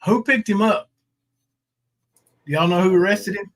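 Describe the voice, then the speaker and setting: A man's voice: high-pitched, unhurried, fairly bright tone. A man hosting a livestream, talking in a rambling, sarcastic, coarse way. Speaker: livestream host. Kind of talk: casual livestream commentary.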